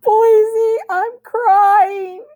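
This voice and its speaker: A woman's voice: medium pitch, expressive, measured pace, a little mellow, dry recording, lo-fi sound. A woman reading aloud voices a moody, self-pitying teenage girl who pleads and wails melodramatically. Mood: wailing.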